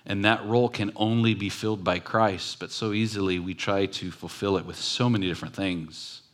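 A man with a fairly low voice preaches a sermon. He talks in a relaxed, conversational way, but leans hard on key phrases and repeats them for emphasis. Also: moderate pace. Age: adult with children. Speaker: pastor.

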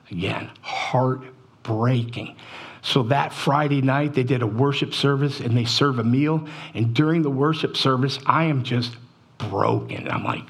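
A middle-aged man giving a sermon testimony, telling his story with emotion and sinking low and quiet at the sad moments. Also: lively intonation, a little slow, breathy edge. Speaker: church speaker.

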